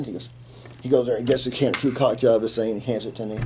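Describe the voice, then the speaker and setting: A man in his seventies, a retired Army colonel, telling animated stories in an interview and acting out the quotes. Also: mid-range voice, quick pace, a little hiss or hum. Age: 70s. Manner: animated anecdote teller, acts out quotes, laughs. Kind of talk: storytelling in an interview.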